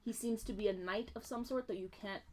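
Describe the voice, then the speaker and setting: A woman's voice: mid-range voice, a little fast, a little hiss or hum. A woman game master describing a scene in a tabletop game, filling her narration with um and like. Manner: descriptive, many fillers like um and like.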